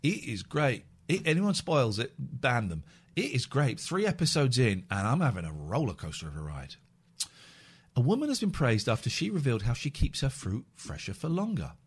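A man's voice: medium pitch, wildly swooping pitch, fairly quick, breathy edge. A man co-hosting a podcast, chatting in a teasing, jokey way and reading out odd news stories. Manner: teasing, jokey, breaks into silly voices. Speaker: podcast co-host. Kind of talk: casual comedic chat.

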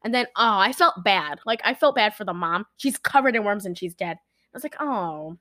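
A woman's voice: medium pitch, a little fast, dry recording. A young woman chatting casually, rambling through a film recap and acting out the characters' lines. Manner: rambling, animated retelling with acted-out quotes. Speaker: podcast co-host recapping a film. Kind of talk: casual chat.

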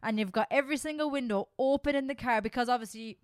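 Animated Irish woman co-hosting a chat podcast. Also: on the high side, quick pace, no room sound, studio quality. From Ireland. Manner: animated, swears freely, laughs often. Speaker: podcast co-host. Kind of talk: casual chat.

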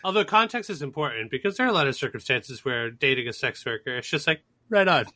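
A man's voice: mid-range voice, animated, fast, sharp tone. A man in his thirties co-hosting a podcast, chatting casually in a rambling, jokey way and laughing often. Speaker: podcast co-host. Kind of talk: casual chat.

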